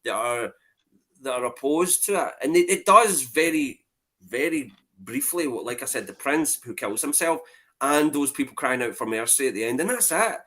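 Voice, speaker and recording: A man's voice: medium pitch, lively intonation, moderate pace, fairly bright tone. A man on a podcast giving blunt opinions in casual chat, swearing freely. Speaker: podcast guest.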